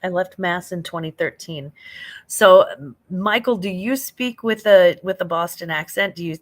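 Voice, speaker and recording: An older woman from St. Louis, talking loosely through a late-night livestream. Her voice sits on the low side for a woman. She rambles, laughs easily and answers viewer comments as they come in. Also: normal speed. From St. Louis, Missouri. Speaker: livestream host.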